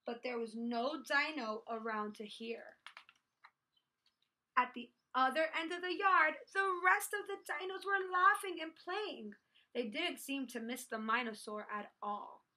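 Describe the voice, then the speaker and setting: High, bright preschool teacher reading aloud. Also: female voice, measured pace. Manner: expressive, sing-song storytelling. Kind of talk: reading a picture book aloud to children.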